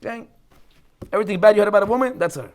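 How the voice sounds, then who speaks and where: A male rabbi delivers a weekly Torah class at a quick clip. His voice sits high, and he leans hard into his points, often acting out the people he quotes. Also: a little hiss or hum. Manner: animated, emphatic, acts out quoted voices.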